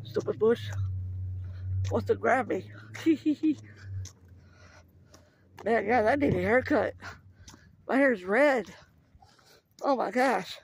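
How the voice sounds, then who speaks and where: A man's voice: very high-pitched, takes it slowly, gravelly, pauses often, slight background noise, low-quality recording. A man vlogging casually on a walk outdoors, rambling and chatty as he talks straight to his viewers. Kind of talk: casual walking vlog. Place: outdoors on a neighborhood street. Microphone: phone camera held while walking.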